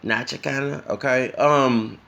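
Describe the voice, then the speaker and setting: A tired man from Louisiana with a Louisiana accent, talking fast and rambling in an opinionated livestream monologue. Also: mid-range voice, steady tone, vocal fry, sharp tone. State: tired, sleepy. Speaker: vlogger.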